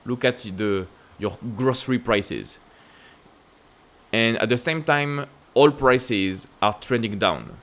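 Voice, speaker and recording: A man with a French accent hosting casual stock-market commentary, asking emphatic rhetorical questions and jumping up in pitch to stress points. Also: takes it slowly, fairly bright tone. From France. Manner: emphatic, repetitive rhetorical questions with sudden upward pitch leaps. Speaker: investing channel host.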